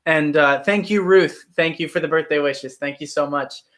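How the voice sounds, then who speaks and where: A young man in his twenties chats on a live stream, answering viewer comments with easy, animated energy. His voice sits slightly high for a man. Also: normal speed. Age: 20s. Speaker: actor and channel host. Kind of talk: casual live-stream chat.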